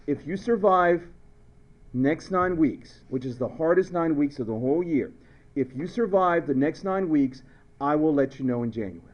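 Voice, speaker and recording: A man's voice: fairly high pitch, expressive, moderate pace, muffled recording. A man teaching a chemistry class, playful, telling stories and repeating his questions. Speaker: high school chemistry teacher. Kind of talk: classroom lecture with jokes.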